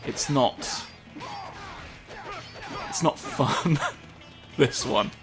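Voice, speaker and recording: A man's voice: mid-range voice, extremely slow. A man giving casual, rambling commentary over his gameplay, joking and swearing often. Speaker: let's play host. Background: game music.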